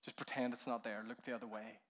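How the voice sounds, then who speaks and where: A man preaching a keynote sermon, telling the story with animated energy, laughing often, sometimes dropping to a hush and then building up with fervor. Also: medium pitch, fast, slight background noise. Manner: laughs often while speaking. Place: conference hall.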